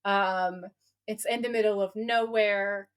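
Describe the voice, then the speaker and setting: A woman co-hosting a podcast, recapping a TV episode in a chatty, animated way with lots of asides. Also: medium pitch, slow, clean tone. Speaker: podcast co-host. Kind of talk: casual chat recapping a TV episode.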